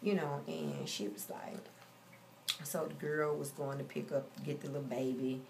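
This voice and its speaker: A woman's voice: sits low, level tone, moderate pace, vocal fry, darkish tone, a little hiss or hum. A woman in her forties telling a story in a casual, blunt and profane rant. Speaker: vlogger.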